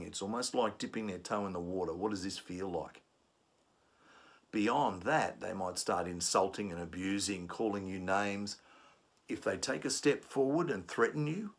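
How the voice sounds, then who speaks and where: A man's voice: fairly low pitch, unhurried, fairly bright tone. A man giving a conflict management lesson, explaining steps and acting out angry commuters. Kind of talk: instructional talk.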